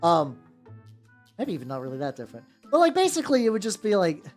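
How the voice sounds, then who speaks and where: A woman's voice: lowish voice, huge pitch swings, fast talker, a little mellow, faint music behind. A woman chatting casually on a miniature painting stream, rambling with many restarts and some swearing. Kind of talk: casual livestream chat.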